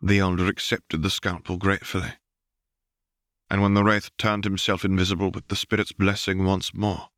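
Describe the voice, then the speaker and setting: A man narrates a story in a low, deep voice, steady and even. The recording is close and dry, with no room sound. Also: no echo. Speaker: audiobook reader. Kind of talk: fanfiction audiobook narration.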